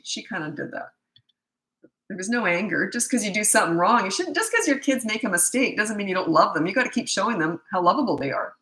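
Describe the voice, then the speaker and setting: A woman's voice: lowish voice, sharp tone. A woman in her sixties, a parenting coach giving frank, chatty advice in a live Q&A, laughing easily and acting out bits of dialogue. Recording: echoey room.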